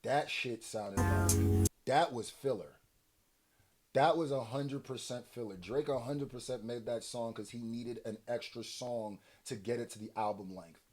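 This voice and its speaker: A man's voice: medium pitch, unhurried. A man hosting a music reaction video, talking casually and bluntly, laughing often. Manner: animated, laughs often, blunt slangy remarks.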